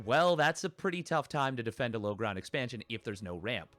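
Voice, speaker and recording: A man's voice: mid-range voice, lively intonation, brisk, a bit bright, soft background music. A man casting a live esports match, rambling and correcting himself with lots of fillers. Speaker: esports caster. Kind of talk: live game commentary.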